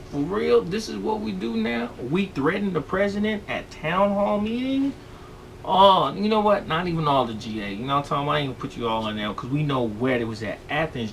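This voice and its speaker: A man with a high, gravelly voice that swings widely up and down, rambling through a comedic news rant full of slang. He sits back from the mic, and faint noise hangs behind him. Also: fairly bright tone, recorded from a distance. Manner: rambling, slangy, keeps asking "you know what I'm talking about". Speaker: vlog host.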